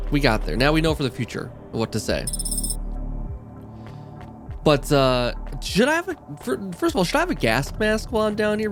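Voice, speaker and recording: A man giving casual let's-play commentary, rambling and musing aloud as he plays. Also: medium pitch. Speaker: gameplay host. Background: game music.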